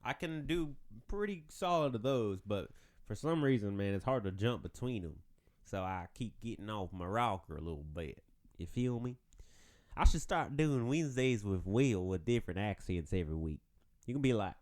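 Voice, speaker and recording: A man's voice: mid-range voice, big pitch swings, moderate pace. A man hosting a podcast on his own, joking and rambling in casual chat. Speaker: podcast host.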